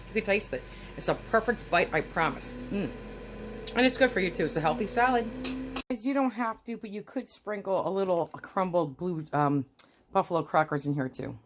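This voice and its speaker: A woman's voice: medium pitch, brisk. A woman vlogging casually to camera from her home kitchen, chatting and rambling to her viewers as she shows a cooking demo. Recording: steady background noise.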